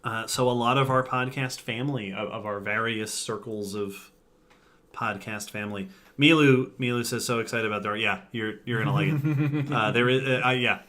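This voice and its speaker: Man, podcast co-host, bright forceful tone, easygoing rambling with frequent laughs. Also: mid-range voice, measured pace. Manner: rambling, laughs often, reads chat comments aloud. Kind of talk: casual livestream sign-off chat.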